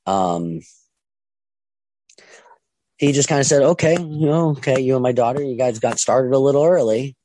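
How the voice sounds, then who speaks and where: A young man telling his own story casually, halting with many ums and restarts and acting out what others said. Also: lowish voice, a little mellow, no echo. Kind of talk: casual first-person storytelling.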